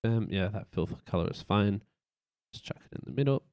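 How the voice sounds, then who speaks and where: A man live-streams while working on a website layout, thinking aloud in a loose, rambling way and adding playful beeps. His voice sits on the low side, expressive and fairly quick, with a darkish tone and no room sound.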